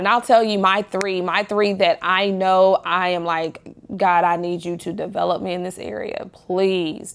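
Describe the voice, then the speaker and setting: A woman hosting a podcast, telling a personal faith story in an earnest, confessional, animated way. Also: medium pitch, vocal fry. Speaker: podcast host. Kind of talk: candid faith talk.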